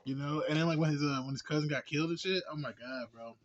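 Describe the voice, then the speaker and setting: A man's voice: a little high, fast talker. A man giving a casual movie review, laid-back and slangy, rambling with lots of fillers and laughs. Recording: dull lo-fi recording.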